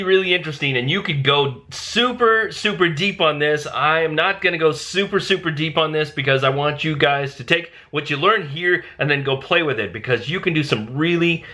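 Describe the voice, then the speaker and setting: Chatty man talking through a software demo. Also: a little high. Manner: chatty, thinks aloud, bursts of excitement. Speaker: design tutorial host. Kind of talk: casual screen-recorded software tutorial.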